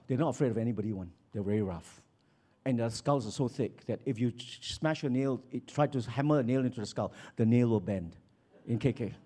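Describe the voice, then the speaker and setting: Male pastor, husky, sermon storyteller with a wide-ranging delivery. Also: medium pitch. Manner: storytelling, animated with acted quotes.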